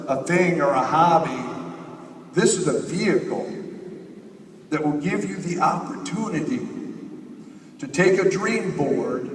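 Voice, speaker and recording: A man giving a motivational stage speech at a company convention, energetic and rallying the crowd with repetition. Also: high voice, slight background noise. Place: large convention hall. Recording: echoey hall, picked up from far off.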